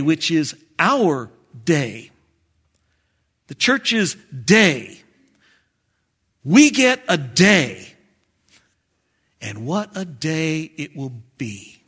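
Slow, emphatic male preacher. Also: mid-range voice. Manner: emphatic, swings from loud exclamations to quiet intensity. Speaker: pastor. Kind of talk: sermon. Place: church sanctuary.

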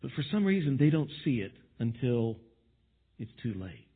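A man's voice: medium pitch, sing-song, normal speed, breathy edge, phone-quality sound. A man preaching a sermon to his congregation, acting out the voices of others as he talks. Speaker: pastor.

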